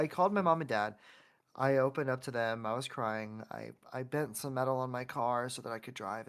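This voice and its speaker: A man's voice: mid-range voice, a bit bright. A man from Oklahoma, a self-love coach and podcast guest, telling a heartfelt personal story in a rambling way with many restarts.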